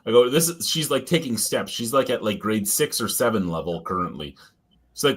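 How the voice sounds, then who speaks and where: A man telling work stories in a casual podcast chat, animated, swearing and laughing often. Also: mid-range voice, a little fast, slightly rough.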